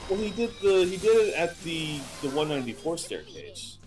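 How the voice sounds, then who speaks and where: A young man co-hosting a live gaming stream, chatting in a lively way and laughing easily. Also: fairly high pitch, moderate pace, soft background music, rough recording. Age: young adult. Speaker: livestream co-host. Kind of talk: casual chat on a gaming stream.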